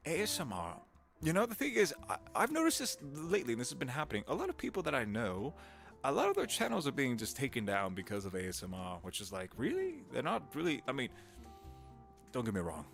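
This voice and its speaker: A male voice actor chatting casually on a live stream, animated and talkative, laughing often. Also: medium pitch, quick pace, vocal fry, soft background music.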